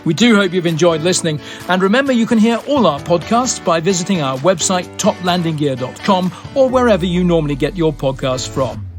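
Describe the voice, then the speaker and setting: A man's voice: high voice, animated, brisk, hardly any pauses, soft background music. A man co-hosting a podcast, reading a polished, scripted sign-off. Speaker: podcast co-host.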